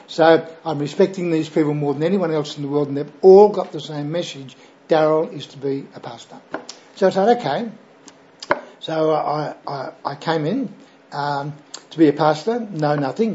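A man's voice: fairly high pitch, dark tone, muffled recording. An older Australian man, a pastor, telling his personal testimony in a chatty, rambling way with frequent fillers and "right?" tags.

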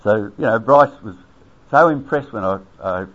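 Older Australian man, low chuckling storyteller. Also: animated, normal speed, fairly bright tone. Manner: chuckling, acts out quoted voices, lots of fillers. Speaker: army veteran telling an anecdote. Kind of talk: rambling spoken anecdote. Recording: dull lo-fi recording.

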